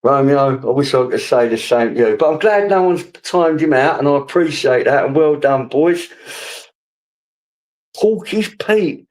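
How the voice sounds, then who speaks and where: A man's voice: medium pitch, animated, unhurried, darkish tone, poor audio. Swearing man ranting on stream. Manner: swearing, rambling storyteller who answers his chat. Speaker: live streamer. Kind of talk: casual live-stream rant.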